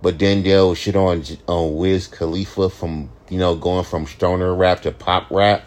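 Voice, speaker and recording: A young man with a fairly low voice talks in a loose, late-night podcast monologue. He rants and rambles with plenty of swearing and false starts. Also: little pitch movement, a little slow, a little mellow. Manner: profane, ranting, rambling with restarts. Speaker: podcast host, rapper.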